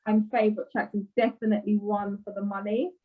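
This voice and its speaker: A British woman co-hosting a casual interview, friendly and quick when she gets going, with a few ums. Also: medium pitch, flat delivery, phone-quality sound, a little hiss or hum. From United Kingdom. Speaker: podcast co-host.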